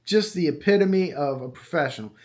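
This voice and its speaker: A middle-aged man hosting a true crime podcast, talking casually and with strong opinions, often pausing on fillers. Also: a little high, animated, darkish tone. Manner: conversational, opinionated, with frequent fillers. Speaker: true crime podcast host and retired detective. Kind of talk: casual monologue.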